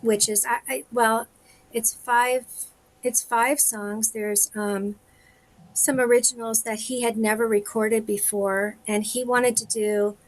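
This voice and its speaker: A woman with a slightly high voice, talking on a live video call. She tells a story in a casual, animated way, with quick asides and laughs. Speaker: singer, guest. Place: home, live video stream.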